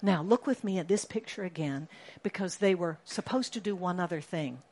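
Animated woman preaching a sermon. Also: on the low side, moderate pace. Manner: animated, rising to shouts for emphasis.

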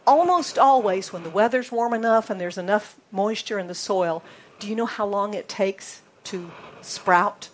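An American woman preaching a sermon in a playful way, spelling words out letter by letter and dropping to a hushed voice for emphasis. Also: medium pitch, moderate pace, a little hiss or hum. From United States.

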